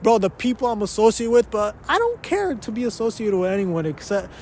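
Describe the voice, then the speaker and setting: A young man's high, sing-song voice, brisk and a little mellow, carries over slight background noise. He's hosting a casual solo podcast from an uptown spot in a big city, meandering, cutting himself off, cursing, and going back and forth between English and Spanish.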